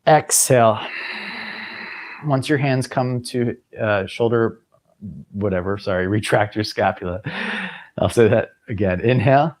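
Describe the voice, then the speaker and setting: A man teaching a yoga class, cueing breaths and movements in a relaxed way, now and then clearing his throat. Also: fairly low pitch, a little slow, long pauses. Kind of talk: guided yoga class instruction.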